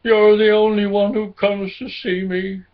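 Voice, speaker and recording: Brief: man doing a mournful female storybook cow, high and slow, plaintive. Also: flat delivery. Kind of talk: children's storybook reading. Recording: dull lo-fi recording.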